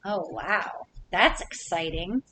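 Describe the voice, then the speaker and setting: A woman reading a picture book aloud to young children, pausing to ask them playful questions. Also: lowish voice, bright, forceful tone, slight background noise, poor audio. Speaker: children's story reader.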